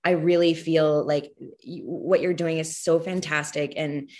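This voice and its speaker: A woman's voice: low voice, steady tone, darkish tone. Earnest, gushing woman guest. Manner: gushing, earnest, laughs often, halting restarts. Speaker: podcast guest. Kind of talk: casual interview chat.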